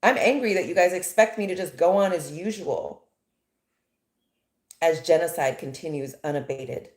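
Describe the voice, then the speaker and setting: A woman's voice: lowish voice, normal speed. Indignant American woman in echoey room. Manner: emphatic, indignant, rhetorical questions. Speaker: commentator. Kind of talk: impassioned monologue.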